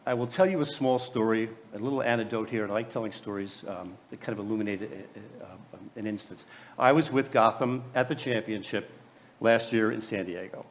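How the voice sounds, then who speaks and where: A man's voice: lowish voice, brisk, slight background noise. An American man in his late sixties from New Jersey, telling personal stories in a keynote speech, often stumbling and repeating words. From USA. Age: 60s. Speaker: keynote speaker.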